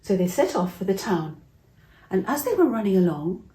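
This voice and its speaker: A middle-aged woman from England telling a Bible story to children in a chatty, expressive way, acting out the voices. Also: medium pitch, moderate pace, roomy sound, slight background noise.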